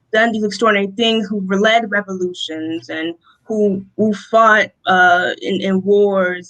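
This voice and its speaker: Young woman guest from rochester, bright voice, animated storytelling, laughs a lot. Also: medium pitch, low-quality recording. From Rochester, New York. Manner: animated storytelling, acting out quotes, laughs often. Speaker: interview guest. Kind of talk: personal testimony in conversation.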